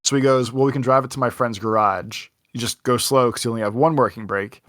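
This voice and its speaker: A man's voice: mid-range voice, fairly even intonation, quick pace, fairly bright tone, dry recording, clean studio sound. Chatty man telling a long story. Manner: rambling anecdote with lots of "like" and quoted dialogue. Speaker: podcast co-host. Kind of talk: casual storytelling chat.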